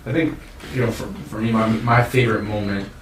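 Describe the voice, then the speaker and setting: A man's voice: fairly low pitch, fairly even intonation, fairly quick, slight background noise. A man co-hosting a show, talking in an earnest, reflective way and repeating words as he thinks. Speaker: podcast co-host. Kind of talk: casual chat. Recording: roomy sound from a distant mic.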